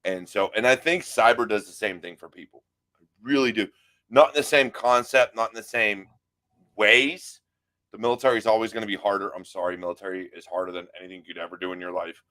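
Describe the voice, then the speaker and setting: A man's voice: fairly low pitch, steady tone, a little fast, pushed and bright. A man hosting a podcast, chatting casually and telling stories with quoted voices, swearing now and then. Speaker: podcast host. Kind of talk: casual conversation.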